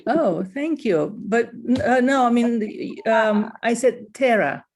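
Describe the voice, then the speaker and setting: A woman's voice: a little high, lively intonation, slow pace, a little mellow. A woman hosting an online salon from home over a video call, hesitant between remarks. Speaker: salon host.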